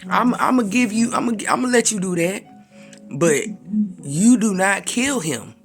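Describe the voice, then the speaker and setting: A man's voice: high-pitched, animated, a little slow, a bit bright, soft background music, pitched above the performer's own voice, full character voice. A man voicing God as an easygoing father figure who speaks in casual slang but sets firm limits. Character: easygoing fatherly God, proud of his servant.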